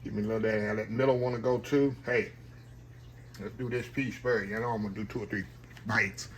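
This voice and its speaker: A man's voice: lowish voice, fairly even intonation, a little fast, slight background noise. A man with a Southern American accent chatting casually through a home cooking vlog, folksy and talkative, often calling out to viewers as y'all. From Southern United States. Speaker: cooking vlogger. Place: home kitchen.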